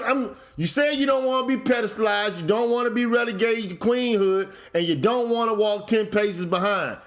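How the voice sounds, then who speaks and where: A man hosting his own channel, speaking in casual commentary, blunt and profane, at times working up into shouted rants. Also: very high voice. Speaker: channel host.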